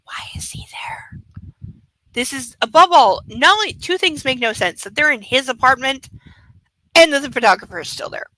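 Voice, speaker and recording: A woman's voice: high voice, lively intonation, a little fast, bright, forceful tone, no echo, poor audio. A woman hosting a live-streamed book club, chatting and mocking the text with casual swearing. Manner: sarcastic, profane and chatty.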